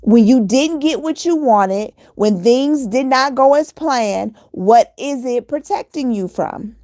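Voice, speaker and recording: Earnest higher-voiced woman preaching motivation. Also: animated, takes it slowly, warm tone, no echo, studio quality. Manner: earnest, repetitive, preachy exhortation. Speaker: motivational vlogger. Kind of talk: motivational monologue.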